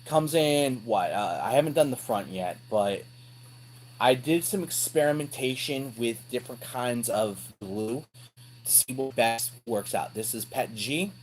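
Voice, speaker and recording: A folksy man talking off the cuff from his home workshop, recorded on a phone camera. His pitch sits in the middle of the male range, and he speaks with easygoing, excitable energy, calling his viewers "brother". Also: measured pace, a little hiss or hum, low-quality recording. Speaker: host of a scale RC hobby show. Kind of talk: casual livestream chat, answering viewers.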